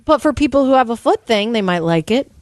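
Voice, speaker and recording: A woman on a casual talk show who reads news items and chats in a matter-of-fact, brisk way. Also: on the high side, lively intonation, no echo, studio quality. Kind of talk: casual chat and news reading.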